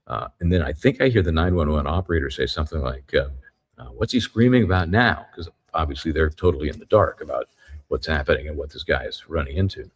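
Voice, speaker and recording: A man giving a live courtroom recap as a trial reporter, retelling events in a halting, methodical way. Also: a bass voice, slightly rough.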